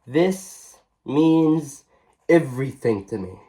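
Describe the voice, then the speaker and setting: A man's voice: mid-range voice, expressive, takes it slowly, dark tone. A man vlogging an emotional reflection, earnest and heartfelt, often repeating his phrases.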